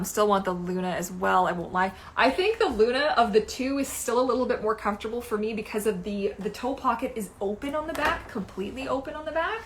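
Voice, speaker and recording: A woman in her thirties chatting casually as a mermaid vlogger, animated and gushing, swearing casually now and then. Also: medium pitch, echoey room, slight background noise. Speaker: mermaid vlogger reviewing gear. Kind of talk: casual livestream chat.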